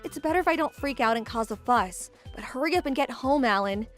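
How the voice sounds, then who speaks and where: A woman narrating her own animated story in first person, exasperated and sarcastic. Her voice is high and very lively, with faint music running underneath. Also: fairly quick. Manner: exasperated, sarcastic inner monologue. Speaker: narrator and lead character.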